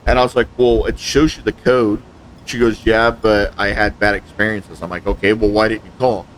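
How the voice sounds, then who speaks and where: A man's voice: lowish voice, level tone, moderate pace, slight background noise. A man chatting casually while gaming, telling a long complaint story and acting out both sides of the conversations he quotes. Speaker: gaming channel host.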